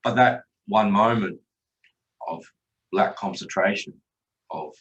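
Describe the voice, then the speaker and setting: A man's voice: lowish voice, unhurried, long pauses, fairly bright tone, distant mic, muffled recording. A man, a podcast guest telling his own story candidly and bluntly, swearing freely. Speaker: podcast guest, chef and father.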